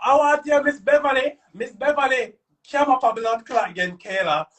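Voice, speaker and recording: Jamaican man, very high voice, loud cursing rant, live stream host. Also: moderate pace, distant mic.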